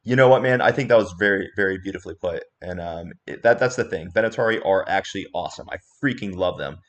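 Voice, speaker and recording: A man hosting a casual livestream chat, animated and chatty, laughing easily and explaining with confidence as a coach. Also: low voice, fast talker. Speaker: host and coach.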